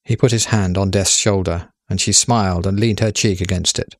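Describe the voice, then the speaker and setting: A man reads a story aloud in calm, even narration. His voice sits low and the recording is dry and close, with no room sound. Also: normal speed, no room sound. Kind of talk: scripted narration.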